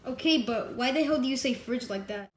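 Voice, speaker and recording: A woman voicing Sonic as a sarcastic, flippant cartoon hedgehog, over loud music. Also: on the high side, fairly quick, reverberant, slight background noise, natural voice. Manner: sarcastic, offhand.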